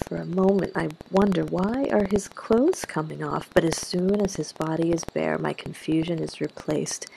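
A woman tells an intimate first-person story at an unhurried pace. Her voice is low and full of gravelly fry, held in a flat, even line. She often drops into a whisper. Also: slight background noise, rough recording. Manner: soft, often slipping into a whisper. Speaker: narrator.

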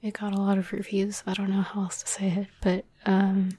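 Breathy, whispering young woman, rambling. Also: mid-range voice, monotone, a little fast, no echo. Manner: soft rambling whisper with many fillers and light laughs. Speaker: audio drama script writer. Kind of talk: whispered role-play talk.

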